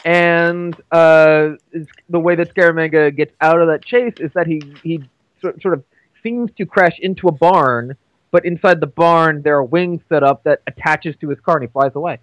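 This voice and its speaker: A man's voice: a little high, no echo, highs cut off. Dry-witted young man, close and dry. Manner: dry jokes, quick quips, stammering restarts. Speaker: podcast co-host. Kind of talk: casual movie chat.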